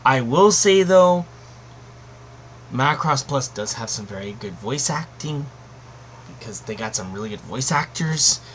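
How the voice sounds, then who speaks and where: A man talks through a casual review at a middling pitch, rambling and restarting, then landing hard on emphatic claims. A faint hum of room ambience sits under his voice. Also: animated, a little slow, pauses often, a bit bright. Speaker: anime reviewer.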